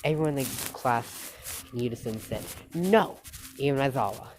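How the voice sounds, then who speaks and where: A woman telling an improvised fan story in a halting, loose way, with quick quoted lines. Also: very deep voice, a little hiss or hum.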